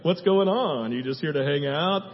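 A man's voice: on the high side, lively intonation, normal speed, natural voice. A man putting on a playful, eager Jesus who fires off teasing questions. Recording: reverberant hall, slightly dull sound.

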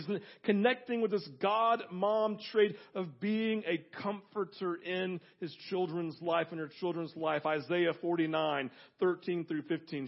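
Male pastor, higher voice, fervent sermon delivery, muffled recording. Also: measured pace. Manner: emphatic, swings between loud fervor and hushed asides.

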